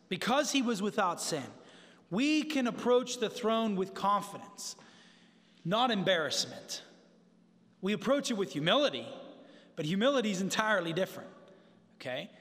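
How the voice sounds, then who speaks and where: High-voiced preacher in a reverberant hall. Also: male voice, a bit bright. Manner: conversational, emphatic, with asides to the congregation. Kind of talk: sermon.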